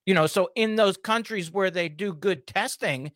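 A man hosting a radio talk show, talking casually with sarcastic, animated asides. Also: high-pitched, normal speed, dry recording.

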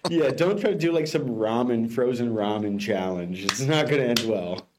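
A man co-hosting a podcast, presenting headlines in a relaxed, chatty way. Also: medium pitch, moderate pace, noisy background. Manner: easygoing, laughs along. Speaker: podcast co-host reading headlines. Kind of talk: casual chat.

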